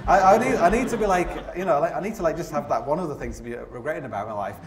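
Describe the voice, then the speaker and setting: A mountaineer in his forties tells comic stories live to an audience on an opera house stage, rambling and poking fun at himself with heavy fillers and restarts. His voice is fairly high and very fast. A crowd can be heard in the echoey theatre.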